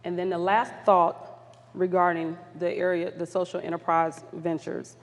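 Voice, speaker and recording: At a community summit in a large conference hall, a woman facilitator leads the audience through polling questions, upbeat and encouraging but apologetic when flustered. Her fairly low voice stays level at normal speed, with long hall reverb around it.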